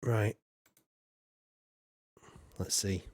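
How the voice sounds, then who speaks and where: A man's voice: very slow, darkish tone, no room sound. A man streaming a farming game, rambling casually and greeting viewers by name. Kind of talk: casual gameplay commentary.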